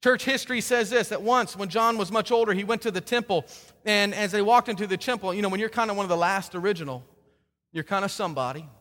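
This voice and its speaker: A man with a high, bright voice delivers a sermon, chatty and full of restarts and repeated words. He slips into quoted voices as he tells the story. His voice rings through a large reverberant hall. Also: fast. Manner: acts out quoted speakers in dialogue. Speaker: pastor.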